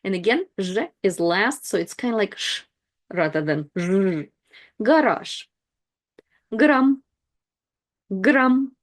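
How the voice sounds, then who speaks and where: A woman teaching pronunciation, saying each word slowly and then repeating it. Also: medium pitch, very animated. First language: Russian. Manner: repeats each word twice, slow and deliberate. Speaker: language teacher. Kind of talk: slow, clear pronunciation lesson.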